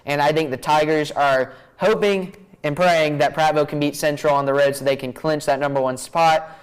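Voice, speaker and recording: A young man hosting a high school football picks show in a chatty way, saying y'all and laughing easily. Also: steady tone, moderate pace, clean tone, low-quality recording. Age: young adult. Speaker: student broadcast host.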